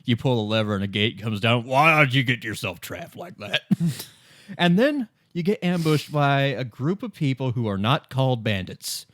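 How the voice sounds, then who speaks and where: A man's voice: medium pitch, sing-song, moderate pace, fairly bright tone, dry recording. A man in his thirties talks through a game in easy podcast chat, his voice dry and close with no room around it. He is wry and sarcastic and breaks into laughter often. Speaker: podcast co-host. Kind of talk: casual chat.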